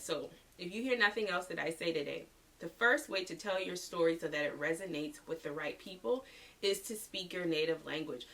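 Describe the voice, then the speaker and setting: A woman's voice: fairly low pitch, fairly bright tone, recorded from a distance. A woman in her thirties hosting a motivational podcast, talking casually and slangily to her listeners as y'all. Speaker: podcast host.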